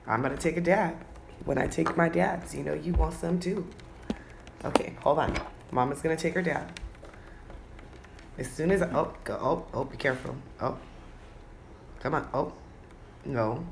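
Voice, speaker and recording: Gravelly woman cooing baby talk. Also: low voice. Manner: cooing, coaxing baby talk with casual swearing. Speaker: pet video host. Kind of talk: casual talk to her pet bird. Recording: noisy home recording.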